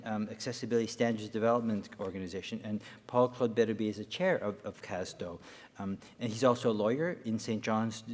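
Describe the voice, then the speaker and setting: Male moderator, upbeat intro, filler-heavy, mid-pitched voice, hall reverb. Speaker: panel moderator. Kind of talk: speaker introduction. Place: large conference room.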